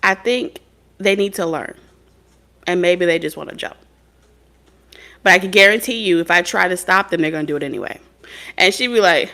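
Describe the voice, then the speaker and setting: A woman's voice: fairly low pitch, normal speed, pauses often, bright, forceful tone. A woman and mother, a spirit medium, talking bluntly and profanely in a casual, preachy monologue. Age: adult mother of several children. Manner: blunt, profane, streetwise storytelling. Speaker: spirit medium and tarot reader.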